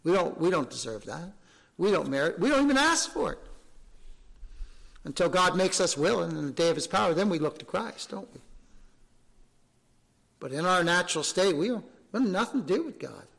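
A fervent preacher delivering a sermon to his congregation. His voice sits high for a man, and he leans on rhetorical questions and emphatic repetition. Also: sing-song, moderate pace, creaky, pauses often, a bit bright. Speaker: pastor.

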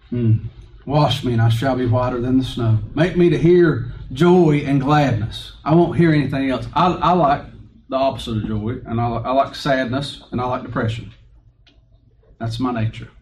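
A man's voice: medium pitch, a little mellow. A man preaching a sermon, folksy and conversational, asking rhetorical questions and chuckling between points. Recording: distant mic with faint room noise.

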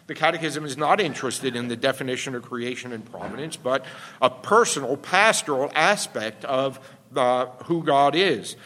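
A man's voice: medium pitch, normal speed, pushed and bright. A man pastor delivering a teaching sermon, explaining step by step and often checking in with "all right?". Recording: long hall reverb.

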